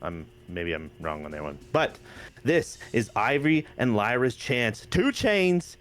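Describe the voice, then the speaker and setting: A man's voice: mid-range voice, big pitch swings, a little slow, a bit bright, soft background music. A man hosting a game playthrough, narrating the story in a hyped, playful way. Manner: hyped, playful, says "baby" a lot. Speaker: host. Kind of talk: casual game commentary.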